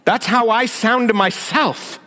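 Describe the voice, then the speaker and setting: Very high-pitched and sharp in tone, the male senior pastor keeps a measured pace through his conversational sermon. Sarcastic asides lead into emphatic points, all echoing with the long reverb of a big church hall.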